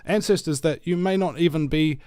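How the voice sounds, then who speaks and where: Halting New Zealand radio host, dry sound. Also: male voice, a little high, a little mellow, clean tone, no room sound. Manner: rambling, halting with many uh fillers and restarts. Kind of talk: casual radio monologue.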